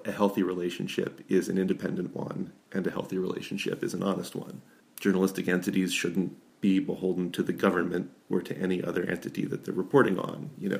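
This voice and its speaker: Very deep gravelly guy, flat even delivery, ex newspaper editor. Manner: measured, deliberate. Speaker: former newspaper editor, guest. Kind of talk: interview answer.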